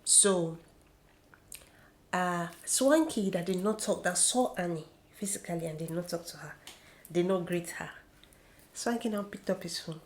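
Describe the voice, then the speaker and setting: A young woman vlogging about a reality show in an opinionated, gossipy chat. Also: lowish voice. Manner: chatty, opinionated, animated gossiping. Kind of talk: casual chat.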